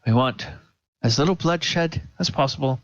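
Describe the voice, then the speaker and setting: A man voicing a panicky town governor who talks in a high, flustered way and keeps repeating himself. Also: normal speed, no room sound, highs cut off, natural voice. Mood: panicked.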